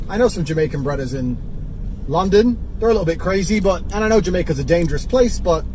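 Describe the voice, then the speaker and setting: A man's voice: sits high, expressive, fast talker. A man telling a boastful, profane story in a brash, swaggering way. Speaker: storyteller in a played clip. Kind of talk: boastful anecdote. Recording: noisy clip audio.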